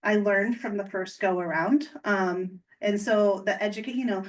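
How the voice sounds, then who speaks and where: Midwestern American woman, mid-pitch, casual explainer, off-mic in a meeting room. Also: moderate pace, distant mic. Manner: casual, explanatory, frequent ums. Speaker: county waste program staff. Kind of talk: public meeting report. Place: county government meeting room.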